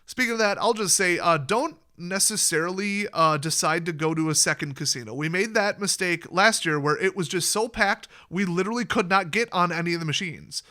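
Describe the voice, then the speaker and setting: High bright-voiced guy rambling about casino tricks, super clear diction, does little voices for quotes. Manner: rambling and chatty, acting out quoted dialogue with sudden high jumps; deliberately clear, well-spoken diction. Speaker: YouTube host giving casino advice. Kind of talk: casual advice monologue.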